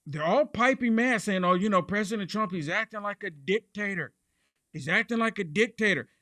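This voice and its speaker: A man's voice: fairly high pitch, fairly bright tone, no echo. A man hosting a political commentary show, talking emphatically and repeating lines for punch.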